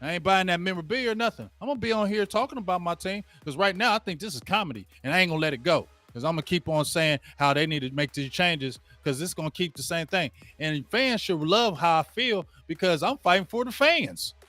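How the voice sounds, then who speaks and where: A man's voice: high voice, expressive, quick pace, few pauses, pushed and bright, no room sound, soft background music. A man hosting a sports show, ranting casually and talking straight to his viewers during a live game watch-along. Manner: ranting, addresses viewers directly; casual slangy talk. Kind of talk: live play-by-play rant while watching a game.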